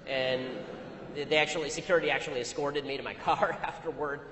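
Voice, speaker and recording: A man delivering an anecdotal, argumentative speech to an audience, telling his story rapidly. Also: fairly high pitch, fairly even intonation, background noise. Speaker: public speaker. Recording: echoey hall, long reverb.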